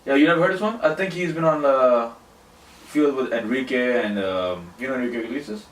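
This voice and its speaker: A man's voice: medium pitch, distant mic. Give me a laid-back, profane male podcast host in a roomy space. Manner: loose and profane, quick to laugh. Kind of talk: casual chat. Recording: roomy and off-mic, faint noise.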